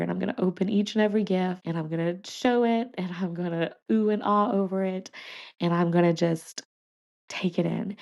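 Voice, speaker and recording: A woman's voice: on the low side, vocal fry, darkish tone. A woman, hosting a podcast and telling a personal story in a chatty, emotional way, laughing and restarting often. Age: 30s. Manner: addresses listeners as y'all and you guys. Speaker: podcast host.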